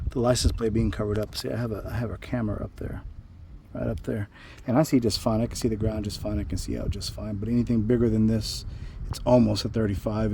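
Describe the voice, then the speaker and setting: Laid-back male host, low and mellow, rambling through a hands-on review. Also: vocal fry, slight background noise. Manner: rambling, with frequent 'um' and restarts. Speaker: channel host reviewing a bumper install. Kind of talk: casual install walkthrough and review.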